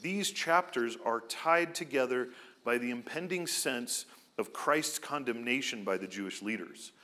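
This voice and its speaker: A man delivers a sermon in an earnest, explanatory way, like a pastor teaching his congregation. His voice sits in a middle pitch with a bright, forceful edge.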